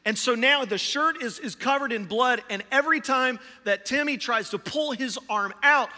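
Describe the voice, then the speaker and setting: Man, pastor, sermon, impassioned preaching, high voice, long hall reverb. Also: normal speed. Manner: impassioned preaching, swings from hushed to loud storytelling.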